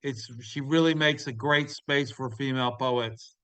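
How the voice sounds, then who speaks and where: A man's voice: mid-range voice, fairly even intonation, a little slow, sharp tone, clear, resonant tone. A man hosting an online open mic, introducing the next poets casually.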